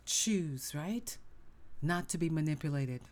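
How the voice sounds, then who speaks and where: On her motivational self-help podcast, a middle-aged woman speaks slowly in a low-pitched, slightly mellow voice with lively intonation. She hammers points home through repetition and emphasis and abruptly whispers asides.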